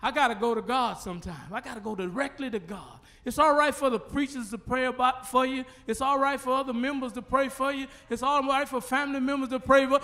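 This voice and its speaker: A man preaching with a Southern US accent, his voice pitched very high and ringing bright. He draws out his phrases and calls out to the congregation from the pulpit of a church sanctuary. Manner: preaching with rising call-and-response fervor, drawn-out phrases. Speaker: pastor. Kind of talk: sermon.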